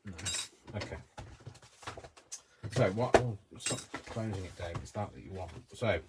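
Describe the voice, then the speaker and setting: A man's voice: low-pitched, measured pace, heavy background noise. A man with a Coventry accent giving a casual crafting demonstration, chatty and rambling, talking to himself as he works at his desk. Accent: Coventry English. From Coventry, England. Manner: chatty, rambling, talks to himself while working. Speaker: craft tutorial host.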